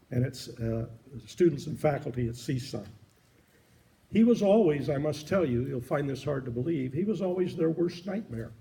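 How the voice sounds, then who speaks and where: A man's voice: mid-range voice, creaky, dark tone, slight background noise. A man speaking at a memorial, telling wry anecdotes about the deceased.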